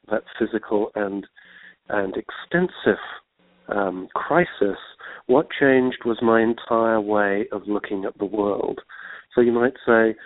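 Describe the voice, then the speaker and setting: A man with an English accent, a guest author telling his story in a reflective, unhurried way during a radio interview by phone. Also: fairly low pitch, dry recording. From England. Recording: tinny phone line.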